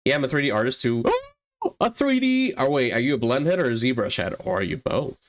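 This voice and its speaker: Talking fast, this 3D artist and streamer keeps things loose, with plenty of laughter and cursing, and the voice leaps higher whenever excitement hits.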